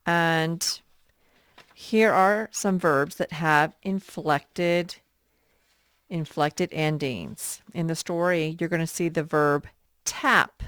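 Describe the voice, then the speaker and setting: A woman teacher leading an early reading lesson for young children, patient and repeating words slowly. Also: low-pitched, fairly even intonation, a bit bright, clean tone, dry recording.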